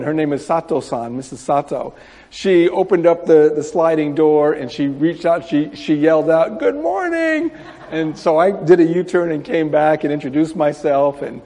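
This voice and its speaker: A missionary man speaks to a church audience in a slightly raised voice. He tells his stories in an easy, rambling way, with plenty of "uh"s along the way. His words ring out with the long reverb of a large sanctuary. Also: on the high side. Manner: relaxed storytelling with fillers.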